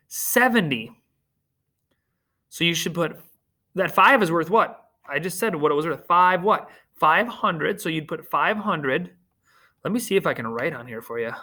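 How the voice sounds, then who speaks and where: Over a screen share, a man teaches children a recorded remote math lesson in a high, sharp voice. He stays upbeat, cracking corny jokes and poking fun at himself.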